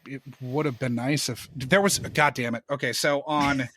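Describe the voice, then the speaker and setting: A young man telling work stories in a casual podcast chat, animated and profane, his voice jumping up when exasperated. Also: mid-range voice, moderate pace, a little hiss or hum. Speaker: podcast guest.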